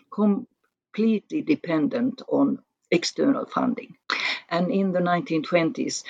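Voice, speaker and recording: A woman guest author explaining her research chapter in an academic interview, measured with restarts. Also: sits low, vocal fry, a little mellow, breathy edge, no echo, dull audio.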